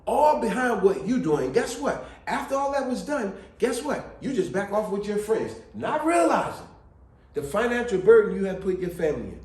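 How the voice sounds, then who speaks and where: Host type: man, high and lively voice, preachy advice talk, roomy echo. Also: normal speed. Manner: animated, preachy, repeats phrases. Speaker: video host. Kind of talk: casual family advice talk.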